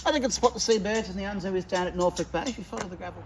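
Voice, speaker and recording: A man's voice: high voice, very fast, noisy background. A man acting as a wildlife guide, explaining birds in an informal way with plenty of ums. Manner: informal, hesitant with fillers. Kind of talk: tour guide commentary.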